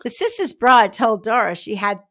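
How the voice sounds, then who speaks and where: A woman's voice: on the high side, sing-song, normal speed, a bit bright. A woman, a podcast co-host reading a crime story aloud with chatty asides. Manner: reads a news story with asides and laughs.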